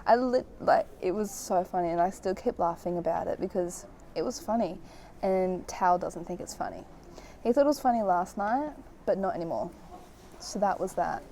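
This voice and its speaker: A woman's voice: fairly low pitch, animated, normal speed, dark tone, slight background noise, low-quality recording. A young woman from Australia chatting through a casual travel vlog, telling stories with lots of "like" fillers. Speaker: travel vlogger.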